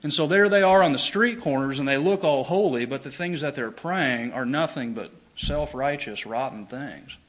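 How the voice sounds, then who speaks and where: A man's voice: medium pitch, moderate pace, few pauses, a bit bright, a little hiss or hum, poor audio. A man preaching a sermon, reading scripture aloud and explaining it in an earnest, emphatic way. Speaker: pastor.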